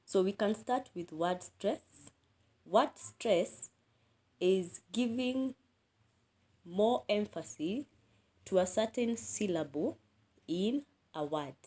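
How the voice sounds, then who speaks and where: A woman teaching an English lesson, explaining word stress and repeating example words slowly. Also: lowish voice, a little mellow. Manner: slow, repeats key words and drills them aloud.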